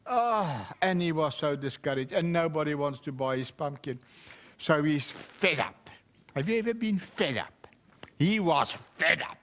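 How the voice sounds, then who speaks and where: A man's voice: on the high side, a little slow. A man, a pastor, telling a children's story in church and asking the children questions. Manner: animated, asks the children questions.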